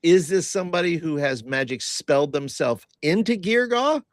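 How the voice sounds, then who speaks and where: A man playing a tabletop game, thinking out loud and hesitating as he plans his moves. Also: a little high, lively intonation, moderate pace, no echo, clean studio sound. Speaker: player. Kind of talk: tabletop role-play as a player.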